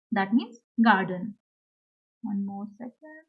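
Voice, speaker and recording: A woman teaching a beginner language lesson, speaking slowly and repeating each word, with fillers and small self-corrections. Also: medium pitch, animated, narrow, tinny audio.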